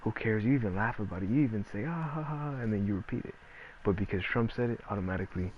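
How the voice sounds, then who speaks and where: Low-voiced man in a rambling, profane rant. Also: lively intonation, fast talker, darkish tone, highs cut off. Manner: profane, rambling, heavy on filler words. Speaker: gameplay commentator. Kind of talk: casual ranting chat. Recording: noisy background.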